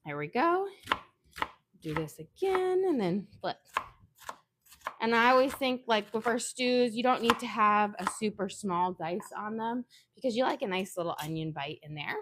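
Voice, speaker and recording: Woman, home cook, chatty, instructional, kitchen, mid pitch. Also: animated, moderate pace, background noise. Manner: chatty, instructional, sidetracked into anecdotes. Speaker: home cooking vlogger. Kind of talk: casual cooking demonstration.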